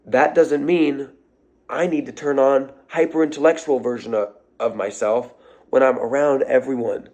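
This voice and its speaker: At a normal speed and with fairly even intonation, a man with a slightly mellow mid-range voice delivers an improvised motivational rant to his followers as a social media creator. His delivery is blunt and profane, driving certain phrases home repeatedly.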